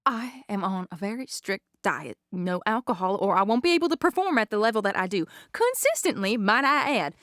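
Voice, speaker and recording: A woman's voice: medium pitch, very animated, fairly quick, hardly any pauses, a bit bright, no echo, studio quality. A woman playing a proud singing starlet who takes offence easily, in an audio drama. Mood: indignant. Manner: indignant, theatrical, swings up and down.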